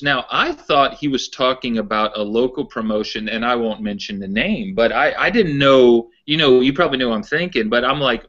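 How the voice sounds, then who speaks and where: A man's voice: medium pitch, moderate pace, few pauses, fairly bright tone. A man co-hosting a wrestling podcast in casual chat, a rambling storyteller who repeats his words. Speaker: podcast co-host. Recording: dull lo-fi podcast audio.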